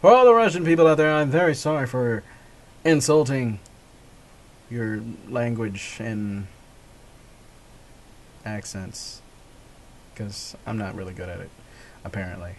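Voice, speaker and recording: A man's voice: medium pitch, a little slow, pauses often, slight background noise. A man talking casually in a gaming vlog, rambling, correcting himself and laughing often. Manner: rambling, chuckling, self-correcting. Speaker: gaming vlogger. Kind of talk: casual monologue.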